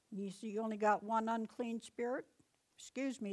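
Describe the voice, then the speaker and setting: A woman's voice: medium pitch, measured pace. Chatty woman teaching Bible, laughing often. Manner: chatty, laughs often, punches up commands with sudden loudness. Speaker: Bible teacher and deliverance minister. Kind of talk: casual Bible teaching with personal stories.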